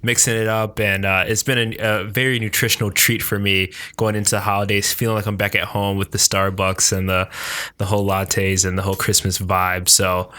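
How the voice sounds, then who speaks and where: A man co-hosting a podcast, chatting in an energetic, eager, self-deprecating way. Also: on the low side, a little fast. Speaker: podcast co-host. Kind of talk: casual podcast chat.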